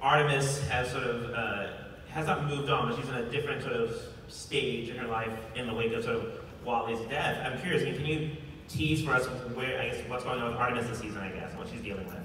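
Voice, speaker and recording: A man's voice: medium pitch, fast talker, a bit bright, slight background noise. Hesitant male moderator in a big hall. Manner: hesitant, curious. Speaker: panel moderator. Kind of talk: asking panel questions. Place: large convention hall. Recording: echoey hall, far mic.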